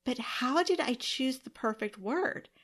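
A woman hosts her own podcast solo, speaking earnestly and emotionally to her listeners and sometimes becoming tearful. Her voice is high, expressive and fairly bright, at a measured pace.

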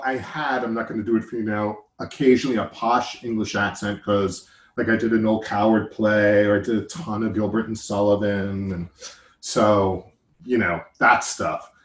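A man from Long Island with a New York accent, an actor chatting in a rambling, wry way. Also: lowish voice. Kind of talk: casual chat. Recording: echoey room.

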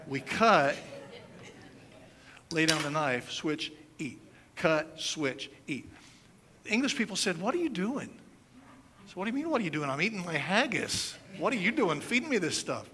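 Fifties american pastor, kinda high bright voice, chatty storytelling sermon, jokey asides. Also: male voice, normal speed. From United States. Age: 50s. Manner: animated storytelling with demonstrations and playful asides. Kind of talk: conversational sermon.

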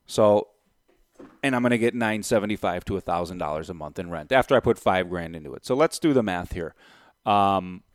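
A man's voice: sits low, brisk. A man casually telling a story to camera, acting out both sides of a deal and working out sums aloud. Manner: animated retelling, acts out both sides of a deal; works out sums aloud, thinking out loud. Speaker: real estate investor.

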